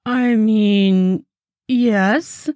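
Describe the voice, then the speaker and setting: A woman's voice: medium pitch, fairly even intonation, extremely slow, dark tone, dry recording, studio quality, pitched above the performer's own voice. Woman voicing a shy flustered young woman.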